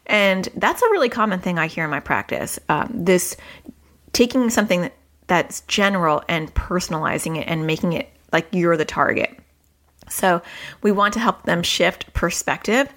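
A woman in her thirties, a parenting coach, giving advice in a chatty podcast style and jumping up in pitch when she acts out what children say. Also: normal speed. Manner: conversational, acts out quoted dialogue with lively pitch jumps.

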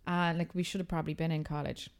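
A woman's voice: low-pitched, little pitch movement, quick pace, clean tone. A young woman, a podcast co-host telling coy, chatty anecdotes in casual conversation. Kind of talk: casual chat.

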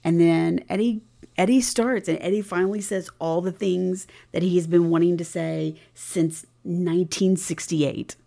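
Low, gravelly-voiced woman podcast co-host. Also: steady tone, a little slow, dark tone. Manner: retells scenes, acting out dialogue with emphasis. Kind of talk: casual recap chat.

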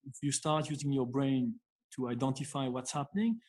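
A man with a manner giving advice in an interview, speaking haltingly with many fillers and restarts. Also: medium pitch, a little mellow. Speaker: guest expert. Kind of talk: interview answer.

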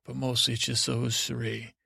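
Gravelly man rambling a bedtime story. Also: medium pitch, flat delivery, sharp tone, dry recording, studio quality. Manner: meandering, halting, full of restarts. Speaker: podcast host.

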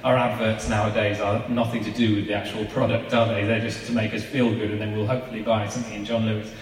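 A man's voice: on the low side, little pitch movement, fast talker. Man, 30s, chatty sermon, rhetorical questions, heard from far off, very echoey hall. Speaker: preacher. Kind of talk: informal sermon.

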